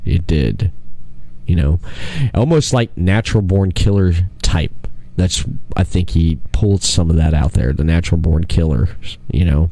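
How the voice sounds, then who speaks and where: A man hosting a podcast in casual chat, an animated storyteller who laughs a lot and restarts his sentences. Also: deep voice, moderate pace, no room sound. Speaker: podcast host.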